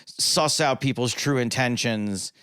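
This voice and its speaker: Male comedian guest, medium pitch, lively raconteur who voices the quotes in his stories. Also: slow, smooth. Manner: animated, self-deprecating anecdotes with voiced quotes. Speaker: podcast guest, comedian and poker commentator. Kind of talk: casual storytelling interview.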